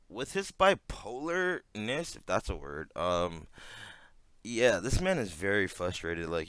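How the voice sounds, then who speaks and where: Man with smooth, crisp voice, rambling casually. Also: low voice, no echo. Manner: rambling, profane, heavy fillers, sudden loud outbursts. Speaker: reaction commentator. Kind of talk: casual reaction commentary.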